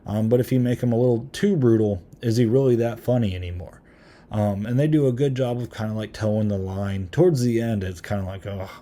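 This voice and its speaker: Low, mellow-voiced man rambling through a review. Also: fairly quick. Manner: rambling, many filler ums; chuckles now and then. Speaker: podcast host. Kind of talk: casual movie review.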